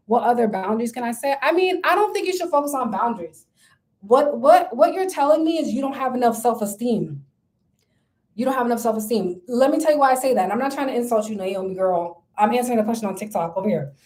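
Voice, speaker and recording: A young woman with a high, bright-sounding voice talks straight to her viewers in a casual vlog. She gives dating advice in a sassy, emphatic way and keeps calling the listener girl. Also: poor audio. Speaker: vlogger.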